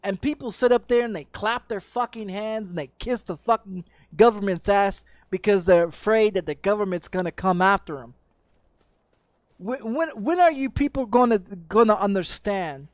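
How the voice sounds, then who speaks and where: A man's voice: high-pitched, moderate pace, no echo. Brief: middle-aged American male streamer, angry cursing rant, stammers and restarts, dry close mic. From United States. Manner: profane, angry, repeats and restarts words. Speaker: game streamer. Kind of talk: heated off-topic rant on a livestream.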